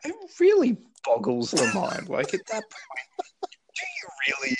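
A man with a gravelly, creaky voice gives wry, measured remarks as a podcast co-host. His pitch moves a lot while he talks. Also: wildly swooping pitch, background noise. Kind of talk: casual chat.

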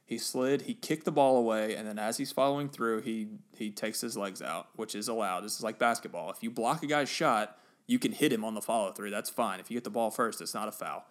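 A man on a podcast, casually retelling a football match with animated bursts of excitement. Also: fairly low pitch, brisk. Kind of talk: casual storytelling chat.

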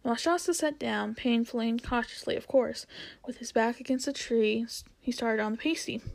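A woman's voice: a little high, moderate pace, vocal fry, low-quality recording. Woman reading a storybook aloud. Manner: steady reading with occasional restarts. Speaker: reader. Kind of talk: reading a children's novel aloud.

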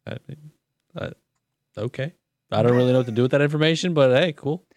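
A man's voice: mid-range voice, brisk, a little mellow, dry recording, clean studio sound. A man co-hosting a podcast, chatting casually in a teasing, laid-back way. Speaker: podcast co-host. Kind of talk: casual chat.

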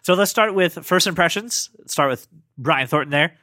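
Chatty podcast host guy, bright bouncy voice, keeps restarting lines, dry close sound. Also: fairly high pitch, animated, moderate pace, no echo. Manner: playful, rambling, restarts sentences. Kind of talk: casual chat.

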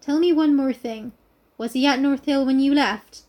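A woman voicing a calm male vicar in a read-aloud novel, with a dry, cutting tone. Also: high voice, normal speed, lightly acted.

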